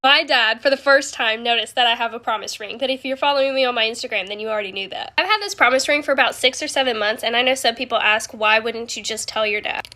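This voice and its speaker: A young woman telling a storytime in a quick, confiding way. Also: fairly high pitch, bright, forceful tone. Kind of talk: casual storytime.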